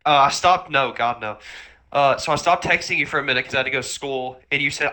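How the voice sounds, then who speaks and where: Bright-voiced young man in casual chat. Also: medium pitch. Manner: reads out garbled texts in slow, deliberate voices. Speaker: podcast co-host.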